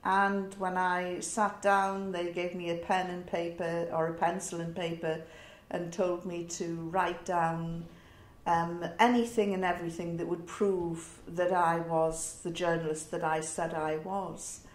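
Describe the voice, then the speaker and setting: A middle-aged woman with a northern English accent tells a personal story in a reflective, wry way, with pauses and fillers. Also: fairly low pitch, level tone. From north of England. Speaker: interviewee. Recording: roomy echo.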